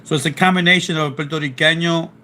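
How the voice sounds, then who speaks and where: A man from South Philly with a Philadelphia accent, rambling casually through a live stream. His voice sits a little high and comes across bright and pushy. He is getting over a sore throat. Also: fairly even intonation, fast talker. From South Philadelphia, USA. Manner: chatty, rambling, restarts often. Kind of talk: casual live stream, reading chat aloud and explaining.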